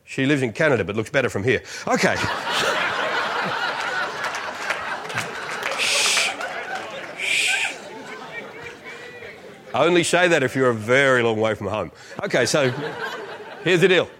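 A man's voice: medium pitch, slow pace, pauses often, a faint crowd. A man, a visiting preacher telling funny stories in a sermon. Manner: animated, jokey storytelling. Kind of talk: storytelling sermon. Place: church.

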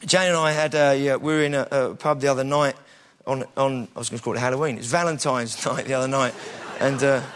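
A man's voice: medium pitch, steady tone, fairly quick, slight background noise. A middle-aged British man giving an informal, conversational sermon, with frequent restarts and self-deprecating asides. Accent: British English. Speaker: preacher.

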